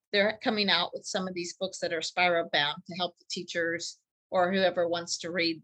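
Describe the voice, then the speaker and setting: A woman with a bright, forward voice talks through her favorite picture books for young kids. She reads passages with a storyteller's lilt and explains why children would enjoy each one. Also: on the low side, slightly rough, low-quality recording. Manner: lively storyteller reading picture books aloud. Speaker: teacher committee member recommending books. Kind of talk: podcast book talk with read-aloud passages.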